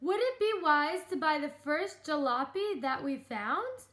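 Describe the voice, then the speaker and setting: A woman voicing a cautious, sensible husband spider who talks in a careful, gently worried way. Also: high voice, lively intonation, unhurried.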